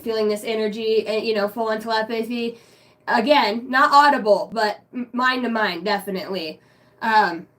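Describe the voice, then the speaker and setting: Young woman livestreaming, hyped and swearing a lot, laughs loud, goes quiet and low when praying. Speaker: spiritual reader streaming live. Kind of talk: casual livestream chat with viewers.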